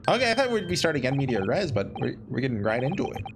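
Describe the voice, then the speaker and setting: A man's voice: mid-range voice, sing-song, racing, noisy background. A man playing a video game and commenting, rambling and joking as he thinks aloud. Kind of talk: let's-play commentary. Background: game music.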